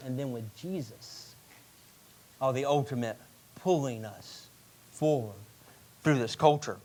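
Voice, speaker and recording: A male pastor delivers a sermon in a church, his voice sitting a little higher than most men's. He tells stories with energy, jumping to loud bursts and then slowing right down for emphasis. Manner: animated storytelling preacher, with sudden loud bursts and slowed emphatic phrases. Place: church sanctuary.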